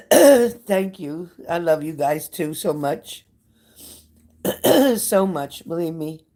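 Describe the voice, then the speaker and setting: With a low, mellow voice, an older psychic talks very slowly but animatedly to her livestream audience in a casual, chatty way. She is emotional and scattered, skipping from thought to thought as she prepares for a reading.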